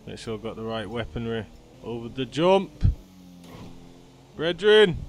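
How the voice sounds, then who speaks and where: A man with doing excitable gameplay commentary, yelling and cursing at other players. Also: mid-range voice, unhurried, a little hiss or hum. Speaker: gaming YouTuber. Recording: game music playing underneath.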